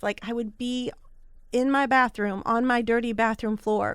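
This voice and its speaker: A woman in her thirties hosting a podcast, telling a personal story in a candid, earnest and animated way. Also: on the high side, moderate pace, clear, resonant tone, no room sound, studio quality. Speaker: podcast host.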